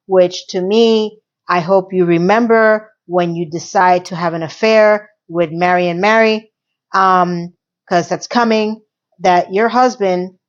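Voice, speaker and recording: A woman casually recapping and reviewing a TV episode, animated and sarcastic, swinging between loud and soft. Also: medium pitch, dull audio. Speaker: TV review vlogger.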